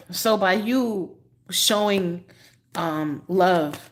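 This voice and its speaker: Slow-talking woman tarot reader, choked up. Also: medium pitch, a little hiss or hum. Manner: slow, chatty, often clears her throat. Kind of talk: live-stream tarot reading.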